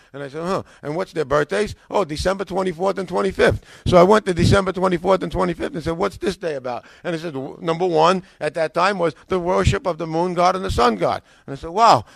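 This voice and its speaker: A man's voice: high-pitched, creaky, no room sound. An older man with an American accent, a former pastor, casually telling his story and acting out the dialogue with a rising voice. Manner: animated, acts out dialogue with rising voice.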